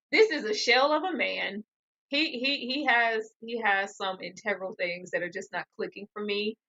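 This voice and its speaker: A woman co-hosting a reality show breakdown, ranting with animated disbelief in casual chat. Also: medium pitch, husky, highs cut off. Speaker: co-host reviewing a reality show.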